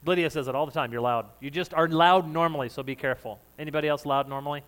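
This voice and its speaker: Loud, high-voiced male preacher. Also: fairly even intonation, very fast, smooth. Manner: conversational, jokes with the congregation and laughs often; says of himself that he is loud. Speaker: pastor. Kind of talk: sermon.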